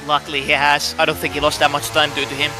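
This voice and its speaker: A Finnish-native man co-commentating a live sim race, hesitant and stammering, quick to laugh. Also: on the high side, completely flat delivery, background noise.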